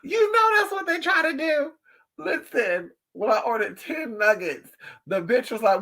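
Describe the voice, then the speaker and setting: Male streamer with a bright, somewhat high voice, sassy and profane, talking casually with viewers. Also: normal speed. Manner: animated, profane and sassy storytelling. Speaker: livestream host.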